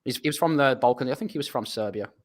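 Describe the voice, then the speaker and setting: Young English footballer guest, casual storyteller, ordinary mid pitch. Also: male voice, fast. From England. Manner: rambling anecdotal, self-deprecating.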